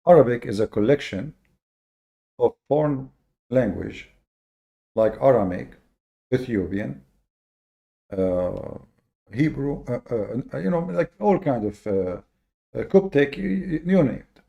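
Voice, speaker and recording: Gravelly, mellow-voiced male host lecturing. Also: mid-range voice, expressive, dull audio. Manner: slow, deliberate emphasis with many fillers and repeated words. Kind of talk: lecture-style monologue.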